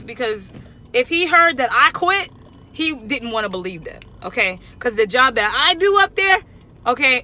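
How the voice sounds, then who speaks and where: A woman's voice: fairly high pitch, a little hiss or hum. A young woman telling a story to her viewers in a casual vlog. She talks with lots of energy and keeps asking "okay?". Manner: animated, repeats "okay?" constantly. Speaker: vlogger.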